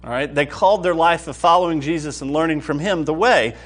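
A man with a slightly raised voice leads a Bible class. He talks with real excitement and keeps checking that everyone is following along. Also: a little high, a little fast, soft background music. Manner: enthusiastic, keeps checking in with the group. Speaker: Bible study teacher. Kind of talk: lively Bible class lecture.

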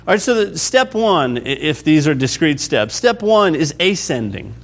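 A man preaching a sermon to his congregation in a conversational teaching style, often checking that listeners follow and pushing louder or dropping soft for emphasis. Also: on the high side, very animated, normal speed. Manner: varies pace and loudness for emphasis. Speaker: pastor.

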